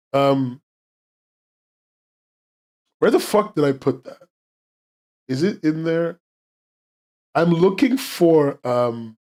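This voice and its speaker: A man hosting a casual live-streamed podcast, rambling and swearing freely, and quickly getting worked up as he reacts to chat. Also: fairly high pitch, darkish tone.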